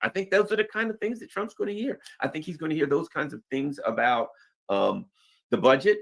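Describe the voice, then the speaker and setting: A man's voice: a little high, fairly quick, gravelly. A man hosting casual political commentary, rambling with asides and briefly acting out the people he quotes. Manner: animated, acts out quoted voices, rambling asides.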